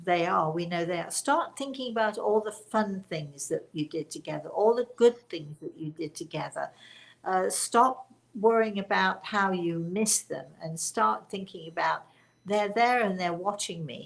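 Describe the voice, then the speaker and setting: A woman's voice: fairly low pitch, vocal fry. An older woman, a spiritual medium, talking in a rambling, chatty way to a live audience, often correcting herself and laughing. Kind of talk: casual live-stream chat.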